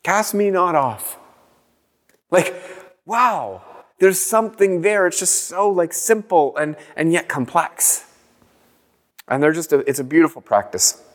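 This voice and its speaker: A man preaching a sermon, earnest and reflective, softly repeating short phrases as he speaks. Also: fairly high pitch, unhurried, big-room sound. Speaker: pastor.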